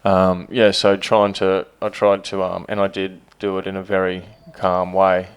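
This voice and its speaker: Low gravelly man, laid-back. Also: completely flat delivery, unhurried. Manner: laid-back, swears casually, many fillers. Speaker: podcast co-host, stepdad. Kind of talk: casual chat.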